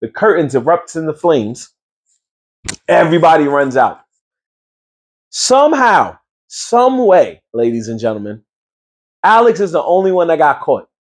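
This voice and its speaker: A man's voice: fairly high pitch, sing-song, measured pace, pauses often. Slangy New guy ranting. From New York. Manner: slangy, incredulous, mocking. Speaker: show reviewer. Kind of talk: casual recap rant.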